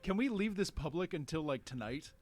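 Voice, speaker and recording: An excitable man, one of the players, who laughs a lot and jokes with the others. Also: a little high, brisk, crowd noise.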